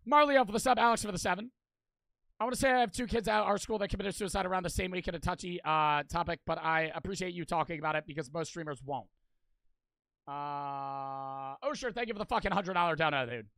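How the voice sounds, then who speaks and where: Young male streamer, casual, profane, reading donations fast; high, bright, dry. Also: creaky, no room sound. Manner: swears constantly, rattles off donor thanks. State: out of breath. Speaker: livestreamer. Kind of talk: casual charity livestream chat.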